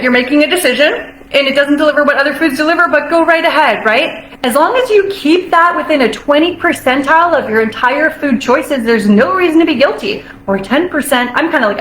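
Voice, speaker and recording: Woman, high bright voice, bubbly nutrition coach chatting to camera, laughs often; roomy echo. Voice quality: bubbly, laughs often, drawn-out emphatic phrases. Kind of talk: casual motivational talk to camera.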